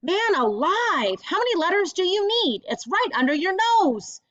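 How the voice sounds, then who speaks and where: A woman doing a gentle, drawling old grandma. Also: a little high, moderate pace, dry recording, lightly acted. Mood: chiding. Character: warm, folksy elderly grandmother. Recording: dull lo-fi audiobook recording.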